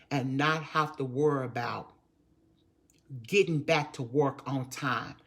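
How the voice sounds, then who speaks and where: A woman, giving a live-stream motivational talk as a network marketer and speaking with emphatic repetition to her viewers. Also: extremely low pitch. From Texas. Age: 50s. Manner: emphatic, repetitive, preachy, addresses viewers as y'all.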